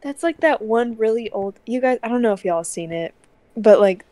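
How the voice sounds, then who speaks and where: Young female podcast co-host, fairly high voice, chatty, dry close sound. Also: animated, moderate pace, mellow, no echo. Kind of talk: casual chat.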